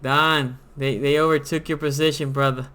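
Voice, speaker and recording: A man's voice: fairly high pitch, flat delivery, normal speed, sharp tone. A man hosting a live sports call-in show, chatting casually and animatedly with callers.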